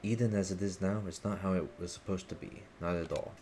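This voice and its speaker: A man's voice: low voice, fairly even intonation, fairly quick, darkish tone. A man reading the lines of an earnest, idealistic young male hacker leader in a formal, solemn way. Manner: formal, solemn speeches read aloud. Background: game music.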